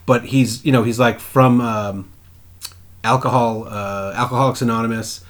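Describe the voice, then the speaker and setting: A man's voice: mid-range voice, steady tone, normal speed. A man co-hosting a podcast, telling stories in a profane, rambling way. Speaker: podcast co-host. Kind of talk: casual chat.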